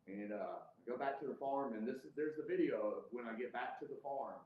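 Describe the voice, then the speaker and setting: A man's voice: medium pitch, brisk. A man telling a heated, profane story as a guest in casual podcast chat. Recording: roomy, slightly dull podcast audio.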